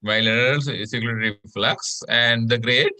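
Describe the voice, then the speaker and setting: A man's voice: mid-range voice, fairly even intonation, fairly quick, bright, forceful tone. A Sri Lankan man teaching a medical class online, explaining step by step and often checking in with "right?". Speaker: medical lecturer.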